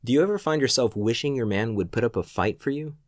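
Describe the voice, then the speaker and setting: A man reading a scripted sales pitch voice-over in a smooth, persuasive delivery. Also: lively intonation, quick pace, no echo, clean studio sound.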